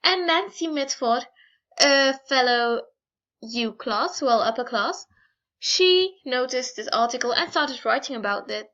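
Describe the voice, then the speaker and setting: A young woman giving a school screencast presentation, reading carefully with pauses and small restarts. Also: high voice, animated, pushed and bright, muffled recording. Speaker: student presenter.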